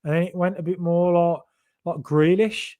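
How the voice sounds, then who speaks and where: A man's voice: sits high, fairly even intonation, normal speed, a little mellow. A young man from Solihull with a faded Birmingham accent, hosting a casual podcast chat and rambling as he reads out viewer comments. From Solihull, Birmingham area. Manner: rambling, self-correcting, chatty. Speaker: podcast host.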